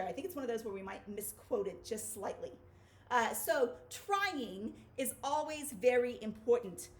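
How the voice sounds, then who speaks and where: Upbeat high-voiced woman phonics teacher. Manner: upbeat, playful teacher talk. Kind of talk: children's phonics video lesson.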